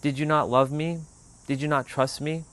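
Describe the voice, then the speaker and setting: A man's voice: fairly high pitch, steady tone, moderate pace, fairly bright tone, voice pushed up, natural voice. A man voicing a crying little boy, his inner child, pleading and reproachful.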